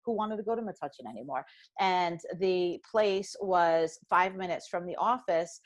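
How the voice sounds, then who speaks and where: A woman's voice: on the low side, normal speed. Chatty middle-aged New woman. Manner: animated storyteller acting out quoted dialogue. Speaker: financial professional guest. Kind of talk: candid conversational storytelling.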